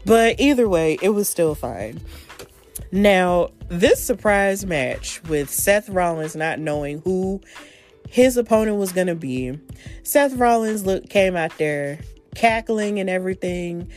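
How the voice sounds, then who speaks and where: Woman, podcast host, casual chat, excitable storytelling, slangy, faint background music. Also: lowish voice, slow pace. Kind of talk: casual solo podcast commentary.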